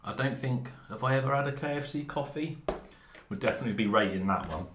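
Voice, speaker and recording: This man talks quickly and animatedly in a mid-range voice, joking around and eating during a casual hobby live stream, laughing between mouthfuls. He's picked up by a room mic rather than a lav, in an echoey space with a little background noise.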